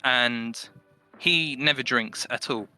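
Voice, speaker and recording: A young man with an English accent, a podcast guest telling stories in casual chat, animated and swearing freely. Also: medium pitch, slow, smooth, soft background music. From England.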